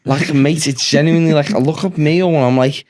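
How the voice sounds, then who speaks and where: A man puts on a cocky young Scouse lad with a slightly higher voice, who swears nonstop and rambles from one half-finished thought to the next. Every other word is mate or lad, and he calls everyone by those names. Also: fairly even intonation, brisk, a little mellow, close to an everyday voice. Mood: rambling. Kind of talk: improvised comedy character.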